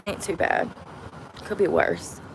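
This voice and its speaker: A woman's voice: slow pace, background noise. Chatty woman vlogging from truck. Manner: candid, rambling, salty language. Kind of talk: casual chatty livestream. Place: inside a truck at a gas station.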